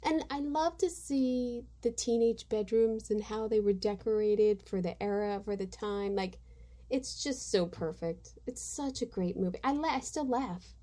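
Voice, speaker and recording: A woman's voice: a little high, a little slow, warm tone. A middle-aged woman hosting a podcast, chatting casually from home in a rambling, self-deprecating way. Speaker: podcast host. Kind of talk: casual chat. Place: home room with household noise.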